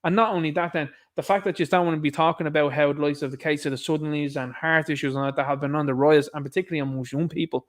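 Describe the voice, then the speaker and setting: Indignant man ranting, higher voice. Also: steady tone, rapid-fire, hardly any pauses. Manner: indignant, repetitive, talks straight to the viewer. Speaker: online commentary host. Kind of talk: ranting political commentary.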